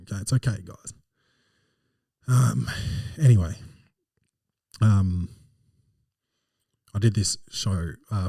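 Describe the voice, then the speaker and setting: A man's voice: sits low, warm tone, no room sound, clean studio sound, far from the mic. A man, a stand-up comedian hosting his podcast alone, telling self-deprecating stories in a casual, rambling way. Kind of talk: casual solo podcast monologue.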